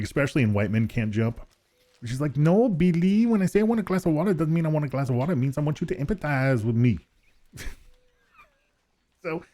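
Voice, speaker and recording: Low-voiced man rambling on a game stream. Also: darkish tone. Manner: rambling, chatty, laughs often, many restarts. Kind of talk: casual live-stream chat while gaming.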